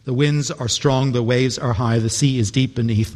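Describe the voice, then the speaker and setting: A man's voice: medium pitch, steady tone, a little fast, few pauses, a little mellow, husky. A man preaching a sermon in an earnest way, often repeating a word as he restarts. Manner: earnest, with stumbling repeated words. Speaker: pastor. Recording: long reverb of a large hall.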